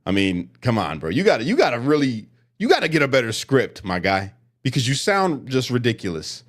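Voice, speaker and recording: A man's voice: mid-range voice, huge pitch swings, brisk. A man commenting sarcastically on protest clips, mocking and emphatic.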